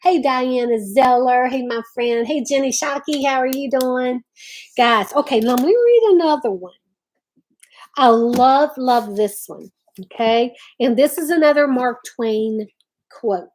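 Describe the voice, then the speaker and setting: A middle-aged woman with a slightly high voice runs a casual live stream. She talks in a loose, chatty way, restarting her sentences as she goes. She keeps greeting viewers by name between her thoughts. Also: a little slow, a little mellow. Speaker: livestream host.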